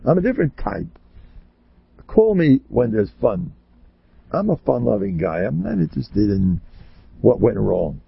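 An older man, a rabbi, giving a rambling, joking talk full of stories, with sudden loud exclamations. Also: mid-range voice, big pitch swings, measured pace, gravelly, pauses often, breathy edge, dry recording, muffled recording. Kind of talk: rambling storytelling sermon.

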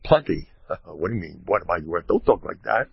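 On a dull lo-fi, dry recording, a man with a deep, gravelly, breathy, sing-song voice speaks a little fast. As a rabbi giving an informal Torah talk, he mock-boasts with wry sarcasm, rambles through self-interrupting asides, and sprinkles in Hebrew and Yiddish terms.

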